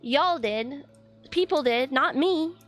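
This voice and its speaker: Woman, high voice, casual stream rant, frustrated, swearing, rambling fillers, faint music behind. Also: lively intonation, slow.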